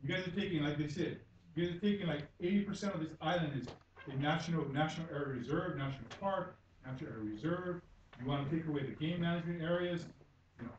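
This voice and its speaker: Angry high-voiced man with Hawaii Pidgin accent. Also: quick pace, lo-fi sound. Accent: Hawaii Pidgin-tinged English. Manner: angry, blunt, repetitive, swears. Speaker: member of the public giving testimony. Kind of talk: heated public hearing testimony. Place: conference room. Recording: echoey room from far off, faint noise.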